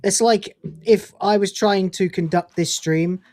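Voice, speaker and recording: A woman's voice: medium pitch, unhurried, darkish tone, no room sound. An English woman co-hosting a live gaming news stream, reading news items and breaking into blunt, profane commentary with frequent laughter.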